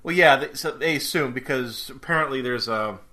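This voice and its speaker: A man's voice: mid-range voice, moderate pace, sharp tone. A man co-hosting a fan podcast in casual chat, thinking aloud and rambling off on side tracks. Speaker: podcast co-host.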